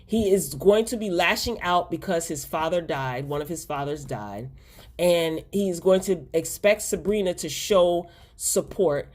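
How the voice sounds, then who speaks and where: A woman's voice: lowish voice, a little slow, a little mellow. A woman hosting a casual TV episode recap, chatty and exasperated as she talks straight to her viewers. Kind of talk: casual spoken episode review.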